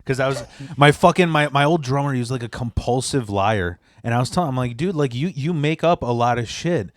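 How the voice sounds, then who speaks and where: A man's voice: medium pitch, expressive, brisk, no echo, studio quality. A man hosting a comedy podcast, telling rambling, profane stories and laughing hard. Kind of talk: casual chat.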